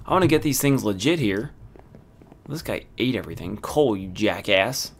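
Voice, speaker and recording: Excitable young man playing a game. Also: fairly low pitch, moderate pace. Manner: excitable, laughing, thinking aloud. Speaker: gamer. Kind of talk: casual game commentary.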